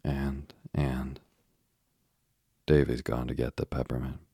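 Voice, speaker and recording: A man reading the lines of an anxious, guilty little boy in an audiobook, with a very deep, husky, flat voice. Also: unhurried, no echo, studio quality, full character voice. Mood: nervous. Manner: reads his lines in his own low, even voice.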